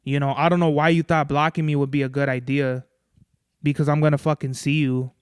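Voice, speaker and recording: A young man rambles through a casual podcast chat, swearing freely and calling the listener bro. His voice sits fairly high and comes across smooth and clear. It is recorded close and dry, with no room sound. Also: flat delivery, fairly quick, no room sound. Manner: loose, profane, rambling, says bro. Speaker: podcast host.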